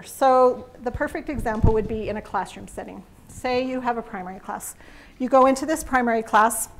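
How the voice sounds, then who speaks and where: A middle-aged woman presents a parenting workshop to a live audience. Her voice sits a little high, and she tells her stories with lots of animation and frequent laughter. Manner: animated storytelling, laughs often.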